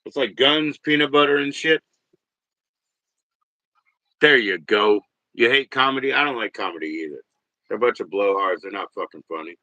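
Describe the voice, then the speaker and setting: A man in his forties hosting a livestream, rambling and swearing, jumping from loud bursts to mutters. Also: lowish voice, normal speed, pauses often, dry recording, highs cut off. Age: 40s. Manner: rambling, profane, swings between loud and muttered. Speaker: livestream host. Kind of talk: casual livestream rant.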